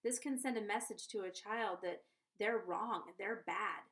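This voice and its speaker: A woman's voice: medium pitch, measured pace, a bit bright. Earnest, chatty woman vlogging advice. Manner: chatty and earnest, often checks in with the viewer. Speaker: conscious parenting coach. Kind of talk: casual advice vlog to camera.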